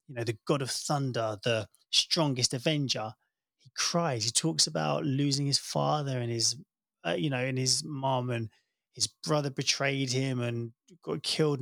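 A man's voice: mid-range voice, creaky, dry recording, clean studio sound. A middle-aged man, a podcast host telling candid stories in casual chat. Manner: candid, animated storyteller.

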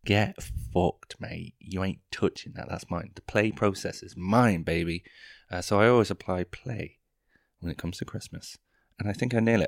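A young man with a deep, low voice rambles through a comic podcast monologue, swearing freely and mocking himself as he wanders off on tangents. The recording is close and dry, with no room sound around him. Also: normal speed, vocal fry, no room sound. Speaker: podcast host. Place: London.

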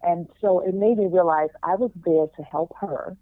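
A woman's voice: on the low side, normal speed, no room sound. A middle-aged woman guest in a casual interview, telling a vivid personal story and acting out what others thought. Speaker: guest, spiritual practitioner. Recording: tinny phone-like line.

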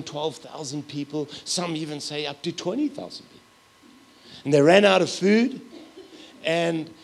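Gravelly middle-aged male pastor. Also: on the high side. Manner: storytelling with loud, animated asides. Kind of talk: sermon.

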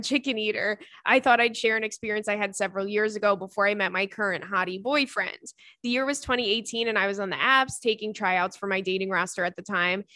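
A young woman hosting a casual podcast, telling dating stories and reading a listener's letter in an animated, giggly way. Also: mid-range voice, no room sound, studio quality. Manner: animated, giggly storytelling with frequent fillers. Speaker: podcast host.

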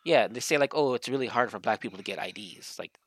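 A man's voice: mid-range voice, quick pace, breathy edge, no room sound. A man co-hosting a podcast in casual chat, rambling and swearing as he acts out other people's lines. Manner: rambling, profane, acts out quotes. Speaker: podcast co-host.

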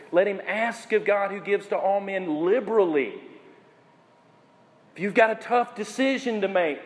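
Man, pastor, sermon, slow emphatic phrases, rhetorical questions, high voice, echoing church hall.

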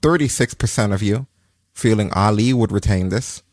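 A man's voice: moderate pace, a little mellow, no room sound, studio quality. A man co-hosting a casual podcast, recapping wrestling in a rambling way with frequent fillers. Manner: rambling, swears, breaks into high laughing rants. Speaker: podcast co-host.

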